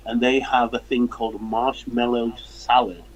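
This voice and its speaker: A man calling into a casual chat show over video, jokey and animated when telling stories. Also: mid-range voice, moderate pace, rough recording. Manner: animated storyteller, does funny voices in anecdotes, jokey. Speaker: guest caller. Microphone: video call.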